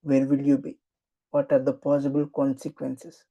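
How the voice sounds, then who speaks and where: A meditation guide leading a slow, soothing affirmation practice with repetitive instructions. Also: medium pitch, monotone, warm tone, muffled recording.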